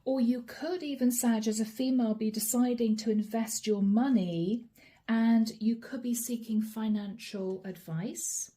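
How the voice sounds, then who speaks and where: A woman giving a channeled tarot reading straight to her viewers, chatty and friendly, slowing down to name each card. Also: on the high side, fairly even intonation, dark tone. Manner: chatty, addresses viewers directly, slows to name cards. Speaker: tarot reader.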